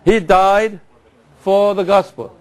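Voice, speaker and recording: A man giving a classroom lecture, repeating names slowly and having the class say them after him. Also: sits high, steady tone. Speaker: Bible teacher.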